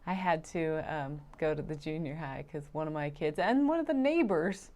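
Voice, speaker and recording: A woman's voice: sits low, lively intonation, moderate pace, a little mellow. A woman co-hosting a live stream, chatting casually, with short reactions and easy laughter. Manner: brief reactions, laughs easily. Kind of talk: casual chat.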